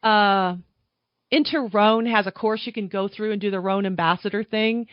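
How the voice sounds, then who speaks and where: A woman's voice: mid-range voice, no room sound. Woman musing over a dull, dry call. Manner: thoughtful, lists facts with pauses. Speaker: wine podcast guest. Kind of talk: casual chat on a video call. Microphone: video call.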